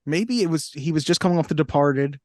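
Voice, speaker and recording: A young man co-hosting a movie podcast, joking and slipping into quick impressions. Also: a little high, expressive, a little mellow, no echo, clean studio sound. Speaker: podcast co-host. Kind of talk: casual chat.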